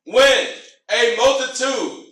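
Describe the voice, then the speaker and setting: A man reading scripture aloud in a class, slow and halting. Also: very high-pitched, a bit bright. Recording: roomy sound from a distant mic.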